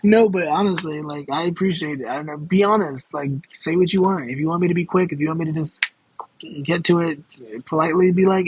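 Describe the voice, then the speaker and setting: A man with a fairly high voice runs a relaxed livestream, pulling tarot cards for viewers. He rambles, trips over his own sentences and laughs often. A faint hiss sits under his voice. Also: fairly quick, poor audio. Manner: rambling and self-interrupting, with many fillers and giggles. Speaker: tarot card reader streaming live. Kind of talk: casual livestream chat with viewers.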